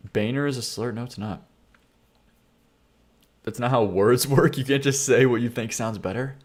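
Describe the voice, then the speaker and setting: A man's voice: medium pitch, fairly even intonation, slow, pauses often. A young man streaming live, reviewing songs in casual chat, blunt and joking as he reads and argues with his chat. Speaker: streamer reviewing viewer song submissions.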